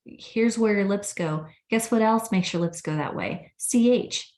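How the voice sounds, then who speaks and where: A woman who is a speech-language pathologist, explaining ideas in an animated, teacherly way during an interview. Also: medium pitch, normal speed. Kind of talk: interview conversation. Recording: echoey room.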